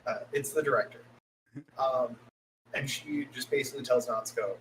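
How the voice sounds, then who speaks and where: A man's voice: mid-range voice, normal speed, a bit bright, a little hiss or hum, rough recording. A man co-hosting a podcast, giving a loose, profane recap of an anime episode and acting out the characters' lines as he goes. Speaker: podcast co-host.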